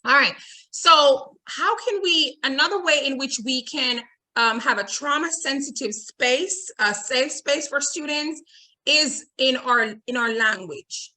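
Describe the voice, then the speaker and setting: Running an online teacher training webinar, a woman speaks high-pitched and a little slowly, with a bright, forceful tone. She goes over her points more than once, keeps asking "okay?", and voices viewers' comments aloud.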